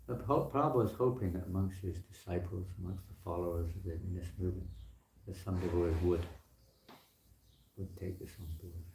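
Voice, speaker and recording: A man with a very low, gravelly voice tells stories in a loose, chatty talk at a temple. He sounds like he is speaking in an echoey hall, with faint noise underneath. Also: fairly even intonation, fairly quick, a little mellow. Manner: anecdotal, chatty, acts out quoted people. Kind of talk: informal spiritual talk.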